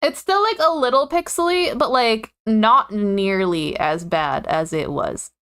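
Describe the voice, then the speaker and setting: A woman's voice: on the high side, animated, measured pace, fairly bright tone, smooth. Giggly rambling woman streamer. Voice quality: giggly, rambling, lots of fillers and self-corrections. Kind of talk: casual live-stream chat.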